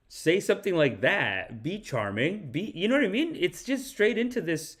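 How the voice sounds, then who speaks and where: High-pitched and moderately paced, this male podcast host barely pauses. Reacting to the news with casual comedy, he mocks it in an animated way and slips into impressions.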